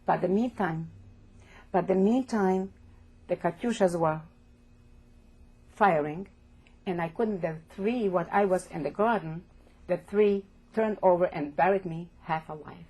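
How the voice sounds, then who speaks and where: An older woman from Poland giving oral history testimony as an interviewee, speaking haltingly and repeating words as she goes. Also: lowish voice, warm tone. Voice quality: gravelly, husky.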